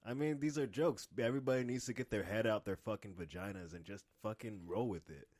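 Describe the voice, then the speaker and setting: A man's voice: medium pitch, sing-song, vocal fry, darkish tone. A man co-hosting a podcast, an amateur comedian talking in a profane, emphatic and casual way. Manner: profane, emphatic, quick to laugh.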